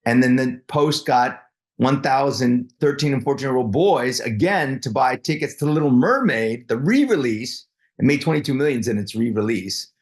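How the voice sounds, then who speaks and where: A middle-aged man, a guest actor in a casual interview, telling animated stories while stumbling and repeating words. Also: mid-range voice. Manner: halting, restarts and repeats words often.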